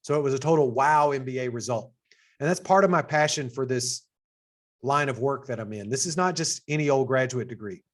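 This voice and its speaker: A middle-aged man speaks with a Texas twang as he presents an information session to prospective students. His delivery is casual and upbeat, and his pitch jumps up on the points he wants to stress. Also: a little fast. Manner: upbeat and conversational, with sudden pitch jumps for emphasis. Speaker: assistant dean hosting an information session.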